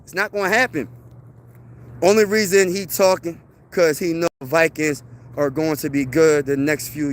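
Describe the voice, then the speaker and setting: Hyped high-voiced sports host. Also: male voice, fairly bright tone. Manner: boastful, hyped trash talk. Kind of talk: live-stream sports chat.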